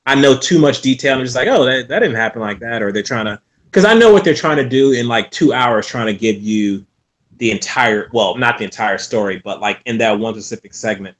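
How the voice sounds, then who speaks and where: A man guesting on a podcast, chatting about movies in a relaxed, hesitant way. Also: mid-range voice, brisk. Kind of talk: casual film chat.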